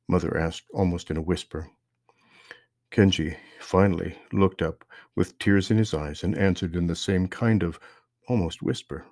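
Husky-voiced man narrating a story. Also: deep voice, dry recording, studio quality. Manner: calm, measured reading. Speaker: podcast host and narrator.

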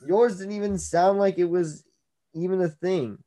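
A man's voice: sits high, steady tone, warm tone. A man hosting a podcast, chatting casually and mocking his co-host over a video call. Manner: playful, quick to mock and bicker. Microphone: own mic on a video call.

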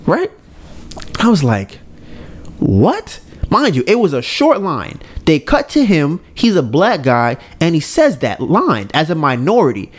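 A man hosting a podcast, retelling a scene in a casual, animated way, acting out lines and often adding "right?". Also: on the high side, unhurried. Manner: frequent "right?" tag questions. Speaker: podcast host. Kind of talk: casual storytelling recap.

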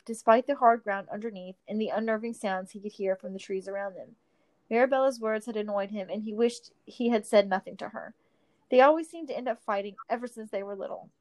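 A woman narrating a storybook, reading steadily with the odd slip and restart. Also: medium pitch.

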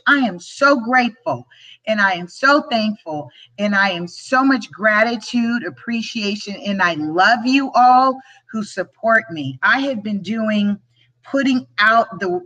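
A Philadelphia woman who is a show host and real estate agent gives a motivational talk on a live stream, her mid-range voice sharp in tone over a low-quality recording. She speaks earnestly and from the heart, often repeating words as she gets moved.

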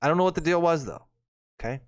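A man's voice: a little high, animated, fast. A male host reading news aloud in casual chat, breaking off for joking, sarcastic asides.

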